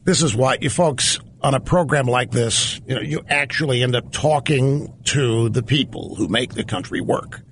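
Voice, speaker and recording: A man's voice: mid-range voice, normal speed, hardly any pauses, fairly bright tone, a little hiss or hum. A man hosting a call-in radio talk show, emphatic and incredulous as he talks with callers. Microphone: studio microphone.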